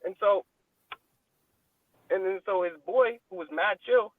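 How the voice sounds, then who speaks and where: A man's voice: sits high, measured pace, no room sound. A man telling a long story on a live panel, profane and full of slang as he rambles on. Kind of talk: casual storytelling. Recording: tinny dry phone-like call audio.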